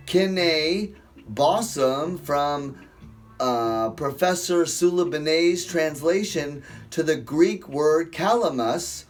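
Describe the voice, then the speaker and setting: Playful rambling male bible-study host. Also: fairly high pitch. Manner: playful, jumps between jokes and scripture, stretches words. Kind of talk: rambling casual teaching.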